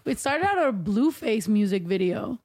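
A woman's voice: medium pitch, sing-song, normal speed, a little mellow. Laid-back rambling young woman. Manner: rambling, laughs often, swears casually. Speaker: podcast co-host. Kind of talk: casual chat.

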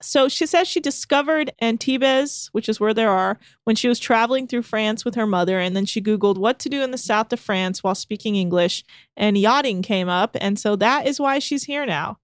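A woman's voice: on the high side, normal speed, dry recording, clean studio sound. A woman co-hosting a podcast, recapping a show in casual, crass chat and laughing often.

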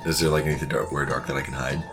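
Man playing a tabletop game, extremely deep voice, deliberate, guitar music clearly behind. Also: fairly even intonation, a bit bright. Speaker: player.

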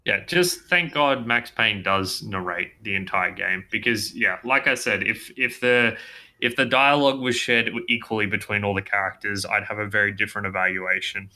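A man's voice: on the low side, moderate pace, pushed and bright. A man co-hosting a game review podcast in casual chat, opinionated. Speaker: podcast co-host reviewing games.

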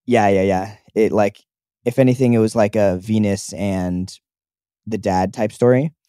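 A man's voice: fairly low pitch, fairly even intonation, a little slow, mellow, clean tone, dry recording, studio quality. A young man co-hosting a casual chat show, rambling with lots of fillers and restarts. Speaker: podcast co-host.

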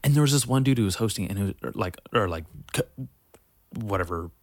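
A young man with a very low voice tells a long, rambling story in casual chat, full of swearing and "like". The sound is dry and close, with almost no room. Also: lively intonation, fast, dry recording. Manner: rambling, profane, laid-back storytelling.

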